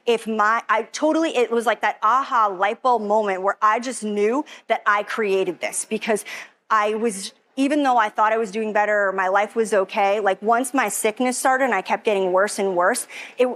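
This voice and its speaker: A woman's voice: mid-range voice, normal speed, a bit bright. A young woman giving an emotional, rambling personal testimony, full of "like". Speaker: event attendee giving a testimonial.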